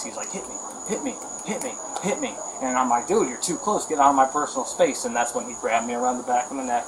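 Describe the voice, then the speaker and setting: Defensive man talking to police outside. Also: medium pitch. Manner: defensive, excited, swearing. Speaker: homeowner and dog owner. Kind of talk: explaining an incident to police. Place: residential sidewalk outdoors at night. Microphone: police body camera. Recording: noisy outdoor body cam audio.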